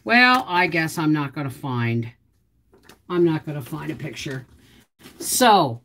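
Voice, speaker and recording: Lively, low-voiced woman vlogger rambling. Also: slow pace. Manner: rambling, talks to herself while digging through old photos; bursts into high, loud exclamations. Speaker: homestead vlogger. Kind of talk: casual chat to viewers.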